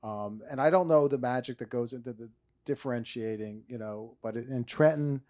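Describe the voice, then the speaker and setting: A man's voice: mid-range voice, fairly quick, a little mellow. A middle-aged man from New Jersey, an author and former prosecutor, talking in a stage interview with many restarts and dry humor.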